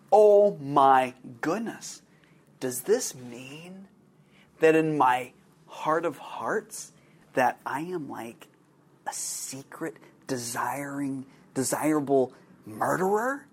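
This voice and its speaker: A man hosting a podcast, telling a personal story in a halting way with many fillers and restarts. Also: fairly high pitch. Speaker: podcast host.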